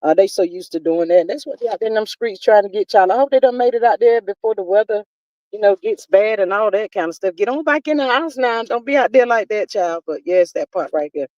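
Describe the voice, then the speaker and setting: A woman's voice: mid-range voice, lively intonation, brisk, darkish tone, no room sound, highs cut off. A woman hosting a casual livestream, chatting with viewers in a folksy way and calling them "child" and "honey.". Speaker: livestream host. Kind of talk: casual livestream chat, reading viewer comments.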